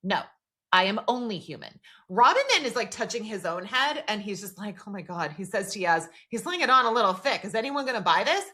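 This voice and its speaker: A woman co-hosting a podcast walks through a TV episode scene by scene in loose, casual chat. Her voice is bright and sits at an ordinary pitch. She quotes characters' lines and leans on filler words as she goes. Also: expressive, a little fast. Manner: retells scenes at length, quoting characters, many "like" fillers. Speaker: podcast co-host.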